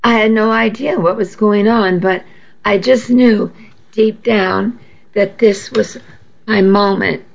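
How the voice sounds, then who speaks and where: A woman reading a first-person novel aloud in a measured, intimate storytelling manner, heard on a dull lo-fi recording. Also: medium pitch, fairly even intonation, gravelly. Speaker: audiobook narrator.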